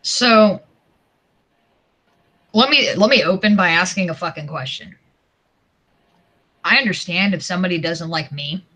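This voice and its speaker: A man on a livestream, airing a heated grievance in an aggrieved, profane way with halting restarts. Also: sits high, pushed and bright. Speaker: guest co-streamer.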